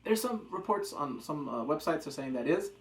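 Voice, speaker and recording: A man's voice: a little high, lively intonation, normal speed, gravelly. A man reviewing a TV episode in a casual, rambling, jokey recap chat. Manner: rambling, jokey, acts out quotes. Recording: roomy echo.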